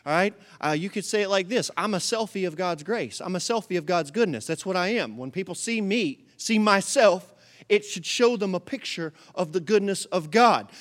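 High-voiced, passionate male preacher. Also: lively intonation, normal speed. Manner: passionate preaching, rising to near-shouts when voicing God; repetitive rhetorical questions, calls to the congregation. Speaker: pastor. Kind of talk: sermon.

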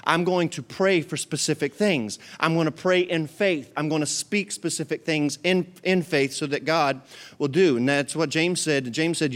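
Emphatic pastor with a higher male voice. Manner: emphatic, repetitive, conversational. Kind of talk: sermon.

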